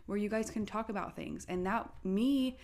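A young adult woman co-hosting a casual parenting chat, talking in a chatty way and acting out quotes with lively bursts. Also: medium pitch, normal speed, slight background noise. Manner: chatty, quotes herself and her toddler in animated bursts. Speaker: podcast co-host.

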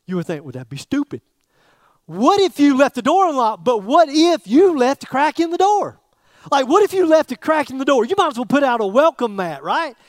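High-voiced preacher, conversational. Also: male voice, big pitch swings, dry recording. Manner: conversational, joking preacher with pauses and repeated phrases. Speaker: pastor. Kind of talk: sermon.

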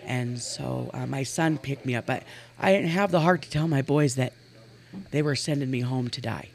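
Animated storytelling woman in her forties. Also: a bass voice, normal speed, gravelly. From Montana, USA. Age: 40s. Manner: earnest and animated, laughs while telling stories. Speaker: guest. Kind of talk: casual storytelling in an interview.

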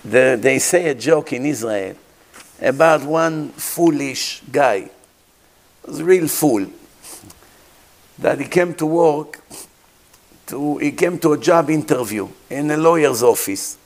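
Preaching as a rabbi, a man with a fairly high voice tells vivid stories in grammatically imperfect English and fires rhetorical questions at his listeners. He speaks slowly with lively intonation and long pauses.

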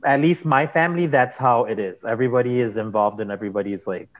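Interview guest: a man chatting casually, rambling, full of "like"s, mid-pitched, dull muffled recording. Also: fast. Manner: rambling, heavy use of "like". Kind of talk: casual storytelling.

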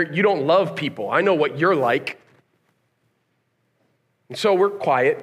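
Male pastor, sermon, fairly high voice, casual slang, rhetorical questions, storytelling. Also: slightly rough. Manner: conversational, acts out quoted dialogue.

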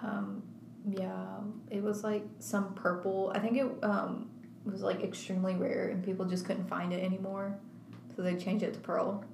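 A woman's voice: mid-range voice, level tone, moderate pace, gravelly. Young woman, casual chat, earnest and emphatic, echoey, faint noise. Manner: earnest, gives advice emphatically. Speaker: quiz co-host.

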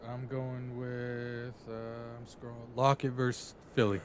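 A man's voice: mid-range voice, completely flat delivery, measured pace. A man co-hosting a casual podcast in a laid-back, hesitant way. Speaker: podcast co-host. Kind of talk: casual chat.

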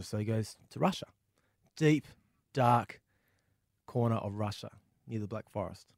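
A man's voice: on the low side, measured pace, gravelly, long pauses, a little mellow, dry recording, clean studio sound. A man co-hosting a podcast, telling a long joke in a rambling, self-deprecating way. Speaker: podcast co-host.

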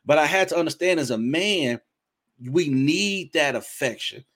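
An interview host in his 40s chats casually in a faith interview, with an earnest, preacher-like manner and frequent repetition. He speaks a little slowly in an animated, fairly high-pitched, slightly bright voice.

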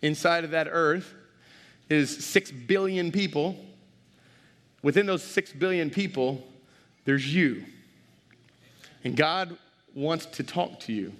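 Male pastor with a fairly high voice, animated sermon, big echoing sanctuary. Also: takes it slowly, long pauses. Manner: animated, direct, engages the crowd.

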